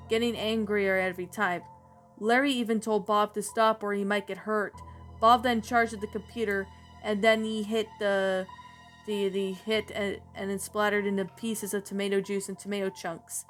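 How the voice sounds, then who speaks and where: A woman's voice: mid-range voice, a bit bright. Woman reading a creepy story.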